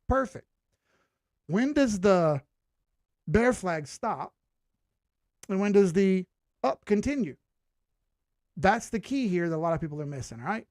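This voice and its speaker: A man's voice: high voice, darkish tone, dry recording. A man hosting a live stream, walking viewers through a chart in a casual, joking way and asking them rhetorical questions. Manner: casual, chatty, full of rhetorical questions and jokes. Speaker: crypto chart analyst, stream host.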